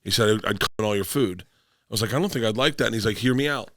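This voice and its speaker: A man's voice: on the low side, quick pace, fairly bright tone, no room sound, studio quality. A middle-aged man from Florida, a comedian guest telling rambling stories in casual podcast chat and acting out quotes in bursts.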